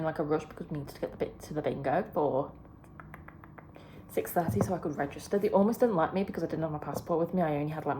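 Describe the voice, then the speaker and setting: A woman with a lowish voice rambles to camera in a hotel room. Her talk is casual and meandering, full of fillers and restarts. A faint background hiss sits under her voice. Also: mellow. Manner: rambling, chatty, lots of "like" fillers. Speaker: vlogger.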